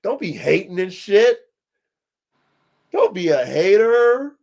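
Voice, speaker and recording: A man's voice: high voice, big pitch swings, takes it slowly, vocal fry, a little mellow, lo-fi sound. A man hosting a livestream podcast, talking with preachy, emphatic conviction and lots of swearing. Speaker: podcast host and dog breeder. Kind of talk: impassioned livestream podcast talk.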